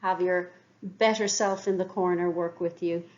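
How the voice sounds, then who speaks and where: A woman's voice: on the low side, steady tone, moderate pace, a little mellow, dull audio. A woman teaching a beginner language lesson, patiently repeating each phrase for learners to copy. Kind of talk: slow, clear language lesson with repeated drills.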